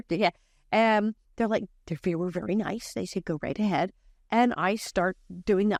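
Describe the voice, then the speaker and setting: Animated older woman telling stories. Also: medium pitch, moderate pace, no room sound, studio quality. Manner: animated, acts out voices in quoted lines, laughs often. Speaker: guest, former child actress. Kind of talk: casual podcast storytelling.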